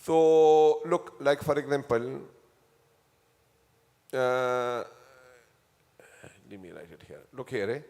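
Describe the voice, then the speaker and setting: A man's voice: medium pitch, slow pace, long pauses, darkish tone. A man teaching a Quran commentary class in a mosque, patiently drilling terms by repeating them and quizzing his students. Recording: long hall reverb.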